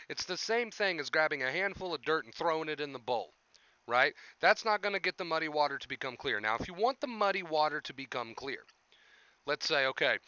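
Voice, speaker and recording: A man's voice: a little high, pushed and bright, clean tone, dry recording, highs cut off. A young man hosting a casual livestream, chatting with viewers and coaching them on anxiety, often repeating his phrases. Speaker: livestream host talking about anxiety.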